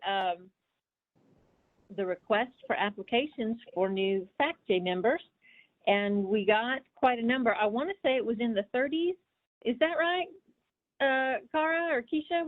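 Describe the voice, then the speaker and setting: A woman's voice: a little high, moderate pace. Woman running a virtual meeting, chatty and loose, sounds like a tinny phone line. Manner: warm, chatty, with many fillers and restarts. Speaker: agency administrator. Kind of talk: casual meeting talk.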